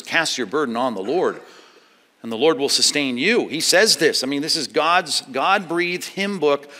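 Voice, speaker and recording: A man preaching a sermon as pastor, moving between loud emphatic passages and hushed, low ones. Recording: long hall reverb.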